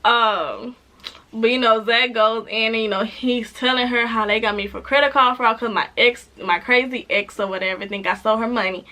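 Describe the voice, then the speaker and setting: A woman giving a casual, animated recap of a TV episode, chatting with laughs and acting out the characters' lines, with speech. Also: fairly high pitch, moderate pace. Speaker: TV show reviewer.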